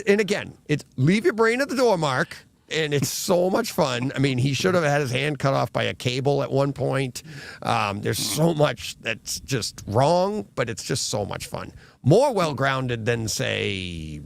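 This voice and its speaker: A man's voice: mid-range voice, gravelly. A man co-hosting a podcast, chatting casually with lots of fillers and laughs. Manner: animated, laughing, rambling with fillers. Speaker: podcast co-host. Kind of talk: casual chat.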